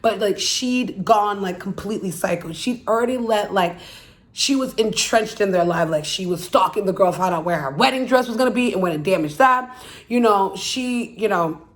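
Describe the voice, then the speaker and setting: A woman's voice: medium pitch, moderate pace. Rambling woman recapping a movie plot. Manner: rambling, heavy fillers of "like" and "you know"; blunt, swears freely. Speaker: YouTube channel host.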